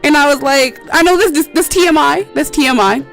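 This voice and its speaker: Woman, streamer, casual rambling chat, fairly high voice, filler-heavy, swears freely, faint music behind. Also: fairly quick, gravelly, fairly bright tone. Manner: swears freely and laughs often.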